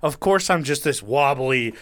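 A man's voice: mid-range voice, animated, measured pace, a bit bright, dry recording. A man in his thirties telling a story in casual chat, swearing freely and acting out the other people in it.

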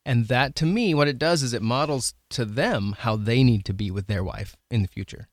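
Halting male host, thinking aloud. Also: mid-range voice, no echo. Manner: thoughtful, halting, repeats words. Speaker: podcast host. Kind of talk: casual interview conversation.

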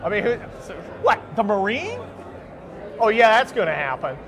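On a busy, noisy convention floor with crowd chatter around him, a man co-hosts a podcast in casual live-event chat. He jokes loudly and calls out to passersby, his high voice swooping wildly at a moderate pace.

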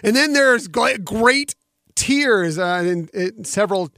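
A man's voice: high voice, expressive, takes it slowly, sharp tone, dry recording, clean studio sound. A man co-hosting a casual movie chat, heartfelt and rambling with restarts, getting teary. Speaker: podcast co-host.

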